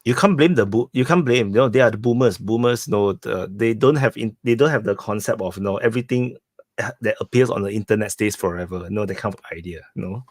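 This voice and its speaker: A man's voice: on the low side, fast, dry recording, studio quality. A man from Singapore chatting casually and jokingly over a video call. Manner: joking, many "you know" fillers. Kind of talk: casual chat.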